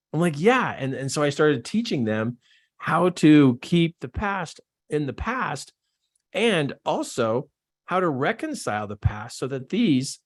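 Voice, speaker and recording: A man coaching on self-help, telling his own story in a casual, animated way and acting out his astonished reactions. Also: on the high side. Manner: casual, says "like" and "man" often. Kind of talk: personal storytelling to camera.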